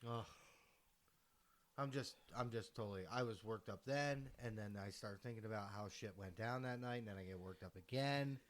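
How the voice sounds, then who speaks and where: A man co-hosting a casual hunting podcast, excitable and quick to laugh, swearing freely and a little tired. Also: lowish voice. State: tired, yawning. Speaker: podcast co-host. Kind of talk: casual chat.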